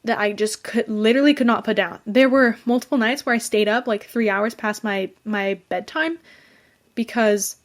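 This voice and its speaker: A young woman with a fairly high voice hosts a casual book review podcast. She gushes and fangirls, talking fast and loosely with plenty of "like" and restarts. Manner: gushing, enthusiastic, fangirling; chatty with many fillers and restarts. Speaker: podcast host.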